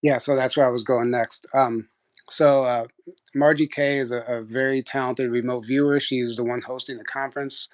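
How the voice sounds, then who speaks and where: A man's voice: medium pitch, steady tone, moderate pace. A young man casually telling a personal story on a live audio chat, rambling, full of restarts and quoted dialogue.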